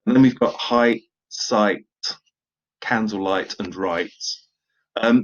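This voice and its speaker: Man, teacher explaining poetry, husky low voice, hesitant with fillers, dull lo-fi audio. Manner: relaxed, many ums and uhs. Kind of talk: explaining a poem to students. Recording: dull lo-fi recording.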